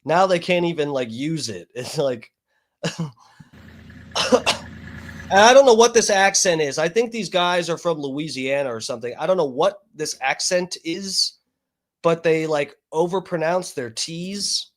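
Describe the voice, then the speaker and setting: Man, fairly high voice, casual stream commentary, rambling, profane, lots of fillers. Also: expressive, measured pace. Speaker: streamer reacting to videos.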